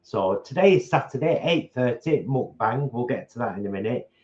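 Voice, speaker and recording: A man's voice: medium pitch, expressive, moderate pace, a little mellow, muffled recording. A man, co-hosting a casual live stream from home and rambling chattily through his day. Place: home, at a table.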